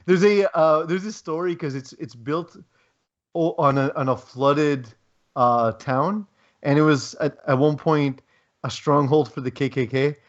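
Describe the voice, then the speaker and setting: A man's voice: on the high side, unhurried, highs cut off. A man co-hosting a sports podcast in casual chat, rambling with lots of ums and wry asides. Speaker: podcast co-host.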